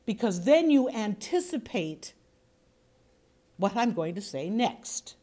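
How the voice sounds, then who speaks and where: A woman's voice: mid-range voice, very animated, slow, mellow. American woman teaching voice class, chatty, shows off inflections as she goes. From United States. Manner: chatty, demonstrative, shifts pace and inflection to illustrate points. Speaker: voice and speaking workshop instructor. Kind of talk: workshop lecture to a group.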